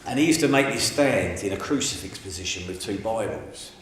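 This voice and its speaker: A middle-aged man telling his life story in an interview, colloquial and animated, acting out the people in his stories. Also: fairly low pitch, brisk. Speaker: interviewee giving a testimony. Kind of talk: candid storytelling. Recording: very echoey room, faint noise.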